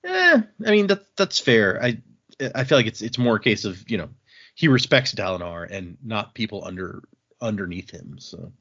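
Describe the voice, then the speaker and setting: A man's voice: lowish voice, big pitch swings, normal speed, sharp tone. A man hosting a casual podcast chat, retelling scenes from a novel and acting out what the characters say. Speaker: podcast host. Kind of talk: casual book-discussion chat. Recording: dull lo-fi audio.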